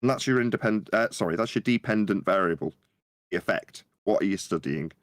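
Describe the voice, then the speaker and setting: Male panelist, low voice, dry close mic, lively storyteller. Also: fairly quick, no room sound. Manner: animated storytelling, acts out quotes in a high voice. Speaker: podcast panelist. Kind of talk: casual chat.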